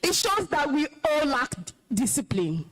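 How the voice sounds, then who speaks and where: A woman's voice: high-pitched, sing-song, normal speed, a bit bright, low-quality recording. A woman with a Nigerian accent, an alumna and compere, giving a stern, emphatic address to a school's students. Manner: scolding, commanding, emphatic. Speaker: alumna guest speaker, compere. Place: school hall, live event.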